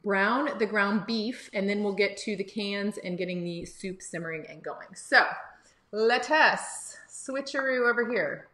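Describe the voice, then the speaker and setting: A woman's voice: medium pitch, a little slow, pushed and bright, echoey room. A woman hosting a live cooking lesson for kids from a home kitchen, chatty and encouraging as she talks to viewers. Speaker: cooking teacher and livestream host. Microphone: phone or camera on livestream.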